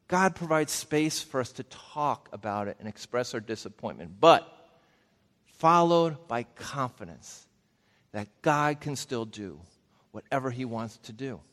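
A man in a somewhat raised register preaches a conversational Bible teaching. He keeps it folksy and turns to his listeners with direct questions, and his words ring out with the long reverb of a big hall. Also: a little high.

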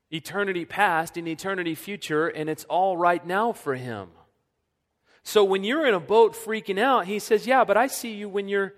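A man preaching a sermon as a pastor, earnest, sinking to a soft hush when he speaks God's words. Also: high-pitched. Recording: long reverb of a church hall.

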